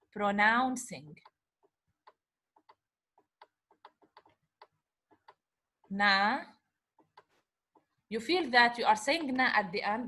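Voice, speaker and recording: A woman's voice: fairly high pitch, pushed and bright. A woman teacher giving a patient lecture, often checking in with "okay?". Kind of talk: classroom lecture.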